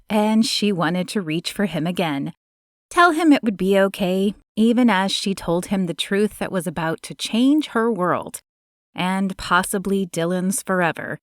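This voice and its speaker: A woman narrating a romance audiobook in a measured, gentle way, close to a studio mic. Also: mid-range voice, dry recording. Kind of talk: scripted narration of a romance novel.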